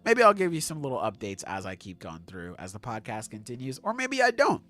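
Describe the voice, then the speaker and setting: Animated, swearing young podcast host. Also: male voice, mid-range voice, a little fast. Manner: animated, swearing, laughing often. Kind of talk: casual chat.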